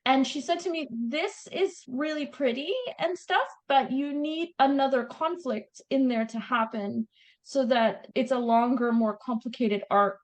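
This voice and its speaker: Animated Canadian woman, high voice. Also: unhurried, poor audio. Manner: animated, laughing storyteller. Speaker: guest author. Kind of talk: casual interview chat.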